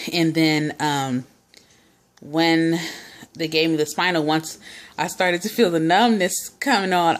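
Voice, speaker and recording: A young woman vlogger casually telling a personal story, chatty, full of fillers and quoted dialogue. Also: sits low.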